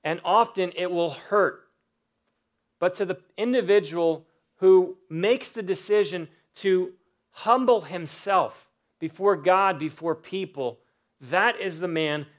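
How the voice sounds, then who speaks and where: A man preaching a sermon, earnest, with pauses and rhetorical questions. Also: on the high side.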